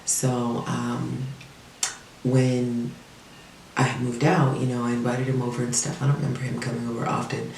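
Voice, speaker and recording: A woman with a gravelly, fry-laden voice tells a personal story straight to the camera, chatty and blunt, with plenty of swearing and fillers. She sounds set back from the mic in an echoey room, and faint ambient noise sits underneath. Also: extremely low pitch, completely flat delivery, moderate pace, a little mellow, recorded from a distance. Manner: candid, profane, chatty with many fillers. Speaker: vlogger telling a personal story. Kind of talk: casual storytime monologue.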